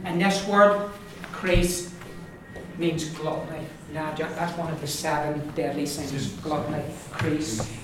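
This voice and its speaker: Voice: medium pitch, fairly even intonation, slow. A teacher with a Donegal Irish accent leads a pronunciation class, patiently repeating each word with small asides. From Donegal, Ireland. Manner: patient and repetitive, says each word several times, with asides and small laughs. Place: large echoey classroom with a group of learners. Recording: echoey room, distant mic, background noise.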